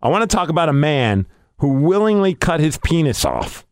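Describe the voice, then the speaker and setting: A man co-hosting a casual podcast, telling a story with animated, acted-out dialogue. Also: fairly high pitch, moderate pace, no echo, clean studio sound. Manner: animated storytelling, acting out quoted lines.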